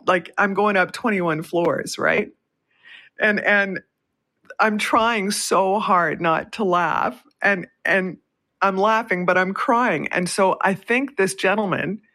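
Bright-voiced woman radio host, laughing. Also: lowish voice. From Canada. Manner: laughs often while telling stories. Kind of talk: casual radio chat and storytelling. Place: radio studio.

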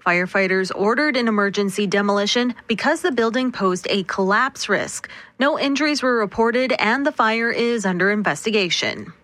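Woman newsreader, bright voice, steady measured read, dry close sound. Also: medium pitch, no echo. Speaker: news anchor. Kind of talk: scripted news reading.

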